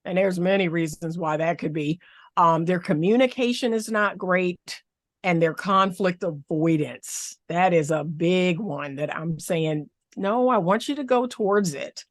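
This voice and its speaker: A woman therapist and relationship coach, speaking as a podcast guest in an animated, emphatic way, often repeating phrases for effect. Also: on the low side, unhurried, no room sound, clean studio sound.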